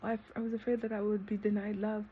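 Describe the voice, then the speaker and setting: A woman vlogging a reflective self-talk monologue, rambling with lots of fillers and breaking into sudden high exclamations. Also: flat delivery, quick pace, warm tone, breathy edge. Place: eating ice cream while filming herself.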